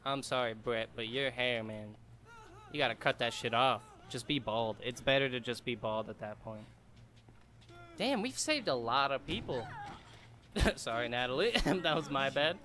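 A man's voice: mid-range voice, unhurried, long pauses, sharp tone. A man giving casual, joking let's-play commentary, chatty and laughing often. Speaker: gamer streamer.

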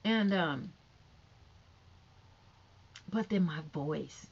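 A woman with a high, youthful-sounding voice chatting casually and sassily to camera about online gossip. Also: very slow, dull audio. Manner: chatty, sassy, animated, talks straight to viewers. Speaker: YouTube commentator.

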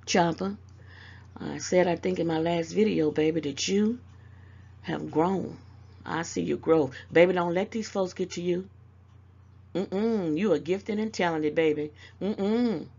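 A woman's voice: fairly low pitch, a little slow, vocal fry, dark tone, breathy edge, dull audio. An older woman with a Southern US accent, speaking to camera and giving motherly, scolding advice, calling people baby. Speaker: YouTube commentator. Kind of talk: casual direct-to-camera advice.

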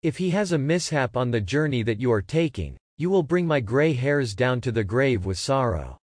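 A man's voice: mid-range voice, expressive, moderate pace, no room sound, studio quality, close to an everyday voice. A man reading the lines of a grieving elderly father in a scripture lesson, in a lamenting voice. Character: grieving elderly father refusing to part with his son.

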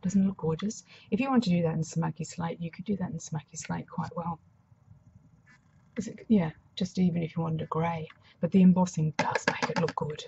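Brief: Australian woman craft demonstrator, low gravelly voice, slightly hoarse, mumbles softly, dull lo-fi recording. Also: heavy background noise. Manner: soft-spoken, mumbling, thinking aloud. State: hoarse after flu. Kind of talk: casual craft tutorial.

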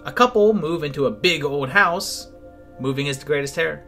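A man's voice: on the high side, moderate pace, sharp tone, soft background music. A man narrating a comedic film review in a sarcastic, wry tone. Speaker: movie reviewer. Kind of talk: scripted comedic video narration.

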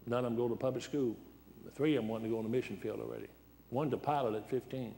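A man's voice: mid-range voice, steady tone, fast, creaky, warm tone, a little hiss or hum. A seventy-year-old man preaching a folksy sermon in a church, joking and telling anecdotes in a worn, dried-up voice. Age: 70s. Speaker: guest preacher.

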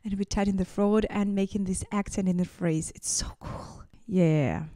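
A woman's voice: medium pitch, steady tone, normal speed, warm tone, dry recording, studio quality. A woman vocal coach giving casual, enthusiastic reaction commentary as she listens to a singer, exclaiming often.

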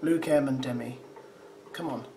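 A man's voice: mid-range voice, normal speed, mellow. A man giving teasing, sarcastic running commentary as he reacts to a show. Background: show soundtrack music.

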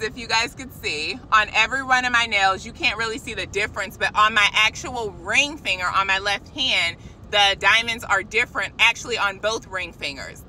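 A woman telling a casual, animated faith testimony, chatting directly to her viewers. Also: mid-range voice, slight background noise, poor audio. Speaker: christian vlogger.

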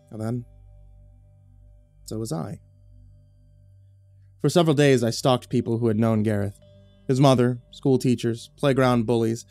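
A man reading a horror story as narrator, measured and low-key, on a close studio mic. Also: mellow, dry recording.

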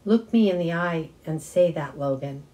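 A woman's voice: low voice, expressive, normal speed, dark tone, low-quality recording. A woman voicing an angry, strict mother who scolds her son in a cold, clipped way. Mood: stern, cold.

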